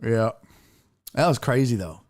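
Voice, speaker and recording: A man's voice: mid-range voice, unhurried. A man hosting a casual sports talk livestream, telling stories with lots of swearing and reading viewer chat aloud into a desk mic. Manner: profane, animated storytelling, reads chat aloud. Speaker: sports talk show host. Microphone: headphones and desk mic.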